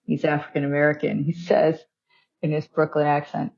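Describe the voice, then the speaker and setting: A woman with a low, gravelly voice talks thoughtfully as an interview guest, circling her points with fillers and little laughs. The recording sounds somewhat dull and lo-fi. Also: completely flat delivery, normal speed. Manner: musing, with many fillers and soft laughs. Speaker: guest, financial firm founder and author. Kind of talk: reflective interview conversation.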